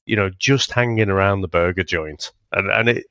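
A podcast co-host with a low-pitched, bright, forceful voice rambles casually about a film at a moderate pace, swearing and laughing often. The recording is muffled and has no room sound.

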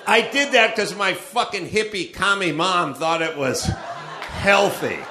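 A man's voice: high-pitched, a little slow, noisy background. A middle-aged man from Los Angeles hosting a live comedy show, riffing and acting out the people he quotes. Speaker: podcast host. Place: comedy club stage. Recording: roomy live club sound.

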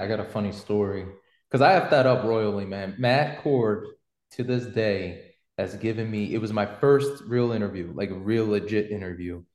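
A man's voice: lowish voice, darkish tone, reverberant. A man hosting a podcast and telling a story in a casual, slangy, rambling way, full of fillers. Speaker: podcast host.

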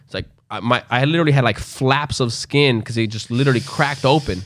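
A young man tells a rambling story in a loose, profane, animated way. His voice sits mid-range, and the close mic makes it sound dry and near. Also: medium pitch, brisk, no room sound. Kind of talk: casual storytelling chat.

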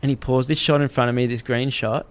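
Chatting casually, this young Australian man spins an animated yarn, cursing without restraint and playing the characters himself. His voice is mid-range and he talks fast.

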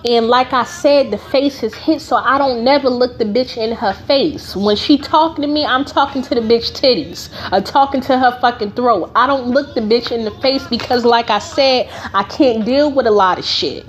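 A woman's voice: a little high, normal speed, few pauses. A woman podcast host telling a personal story in a blunt, heavily profane, emphatic way.

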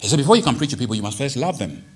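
A male pastor preaches in a lively sermon. His voice is a little husky and rises and falls a lot. He breaks into sudden dramatic quoted lines. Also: medium pitch, racing. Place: church hall.

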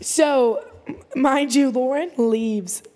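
A woman co-hosting a podcast, telling a story in animated, casual chat and laughing often. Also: high-pitched, drawn-out words, long reverb tail. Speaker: podcast co-host.

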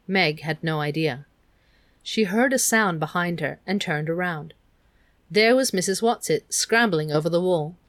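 A woman reading a novel aloud in a relaxed, casual way. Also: fairly low pitch, no echo. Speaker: audiobook reader.

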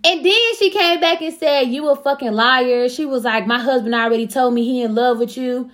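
A young woman on a casual chat show, telling a personal story in a blunt, profane, animated way and acting out the back-and-forth. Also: high-pitched, brisk.

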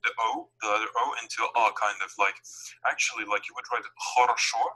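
A man's voice: fairly low pitch, little pitch movement, fast, pushed and bright, husky, rough recording. A young man teaching a casual online language lesson over a video call, explaining patiently with many fillers and restarts. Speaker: language tutor.

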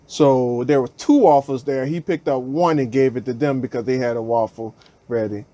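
A podcast host tells a story in a casual, slangy way, animatedly acting out what people said in raised voices. His voice is medium-pitched at normal speed, and the recording is dry.

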